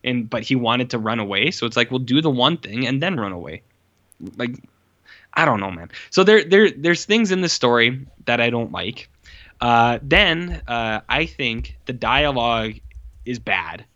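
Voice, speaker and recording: A man talks through his opinions in a loose, rambling podcast chat, leaning hard on "like" and dropping curse words without a second thought. His voice is bright and a little tense. The recording sounds dull and lo-fi. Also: medium pitch, animated, a little slow. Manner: rambling, says "like" constantly, blunt and swears. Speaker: podcast co-host reviewing a movie. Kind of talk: casual chat.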